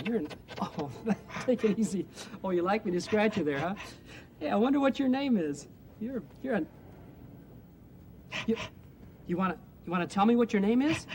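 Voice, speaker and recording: Soft kind guy talking slow on a kids show, coaxing and gentle. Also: high-pitched, a little hiss or hum. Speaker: host. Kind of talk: children's TV presenting.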